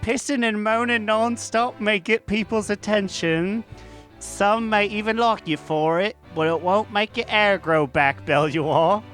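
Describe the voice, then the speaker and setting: A man's voice: high-pitched, measured pace, a bit bright, faint music behind, voice pushed up. A man voicing a cheeky Cockney worgen woman reading out a fan letter in a gossipy, folksy way.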